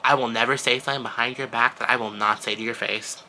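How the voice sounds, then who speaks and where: An eighteen-year-old man venting to camera in a casual vlog, animated and exasperated, with sudden leaps up in pitch. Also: quick pace, a little hiss or hum, rough recording. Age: teens. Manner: animated, exasperated storytelling with big pitch jumps. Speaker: vlogger.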